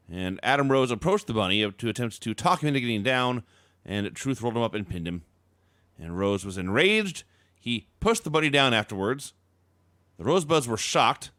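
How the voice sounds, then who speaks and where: Man, animated pitch, brisk recap delivery, dry wit, dead close sound. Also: clear, resonant tone, no room sound. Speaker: podcast host recapping matches. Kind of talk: read-out recap with chat.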